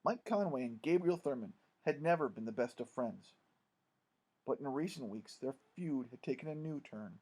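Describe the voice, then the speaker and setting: A man reads a memoir-style story aloud as an audiobook narrator. His delivery is lively and expressive, carried by a fairly high voice.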